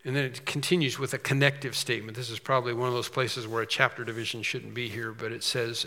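A man preaching an expository sermon. He reads scripture aloud with rising emphasis and explains it in quick asides full of restarts. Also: medium pitch, little pitch movement, bright, forceful tone, big-room sound.

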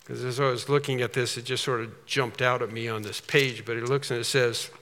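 A man preaching a sermon as pastor, emphatic, swinging from quiet asides to loud, drawn-out declarations. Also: mid-range voice, steady tone, long reverb tail.

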